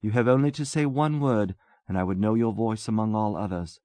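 A man reading a story voices a wistful English gentleman who talks earnestly and tenderly. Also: fairly low pitch, fairly quick, dry recording, natural voice.

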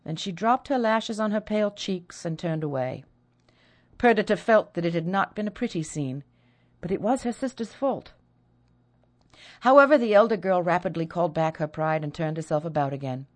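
A woman's voice: low-pitched, brisk. A woman narrating a period story as an audiobook, reading expressively. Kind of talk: scripted narration.

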